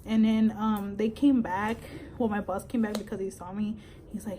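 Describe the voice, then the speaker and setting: A woman's voice: medium pitch, little pitch movement, moderate pace, dark tone, a little hiss or hum, poor audio. A young woman tells a pregnancy story in a casual vlog, switching languages, chatty and swearing freely. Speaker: vlogger.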